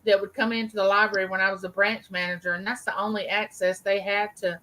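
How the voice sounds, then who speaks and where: A woman's voice: medium pitch, flat delivery, fast, pushed and bright, low-quality recording. A woman co-hosting a casual livestream chat, explaining things in a matter-of-fact way.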